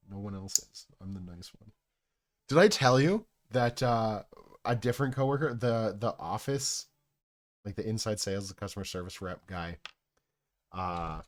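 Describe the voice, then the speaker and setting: A young man with a lowish voice, rambling and swearing his way through a story. He talks to his live-stream chat in a loose, unscripted way, doubling back and restarting as he goes.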